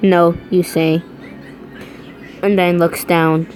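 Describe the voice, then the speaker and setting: A woman's voice: lowish voice, steady tone, very slow, pauses often, a little mellow, faint music behind, rough recording. A woman reading fan fiction aloud, often stumbling over words and restarting lines. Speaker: reader.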